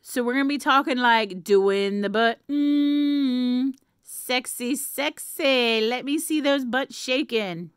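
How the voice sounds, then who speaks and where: A woman's voice: fairly high pitch, moderate pace, few pauses, smooth, no room sound, studio quality. A woman chatting casually to camera as a vlogger, playful and laughing often.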